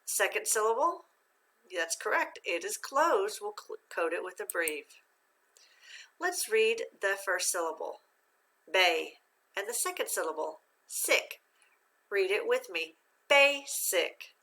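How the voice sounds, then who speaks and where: A woman's voice: mid-range voice, sing-song, fairly bright tone. A woman teaching a reading lesson on syllable division, speaking patiently, asking questions and praising the listener. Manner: slow, patient, encouraging, asks questions and praises. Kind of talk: phonics lesson.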